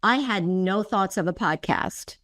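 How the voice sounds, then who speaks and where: A woman's voice: mid-range voice, a little slow, fairly bright tone. A woman hosting a podcast interview, talking in an effusive, storytelling way and acting out her own past remarks. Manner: effusive, tells stories with quoted inner speech. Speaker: podcast host. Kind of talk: casual conversational interview.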